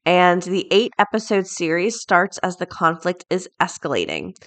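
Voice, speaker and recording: A woman's voice: lowish voice, expressive, moderate pace. A middle-aged woman hosting a daily podcast, chatting off the cuff with frequent laughs and reading out headlines. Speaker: podcast host. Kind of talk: casual chat and reading headlines.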